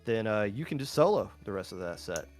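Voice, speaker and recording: A man's voice: lowish voice, sing-song, fairly quick, a little mellow, soft background music. A man casting a live tournament stream with easygoing, joking banter. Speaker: esports commentator.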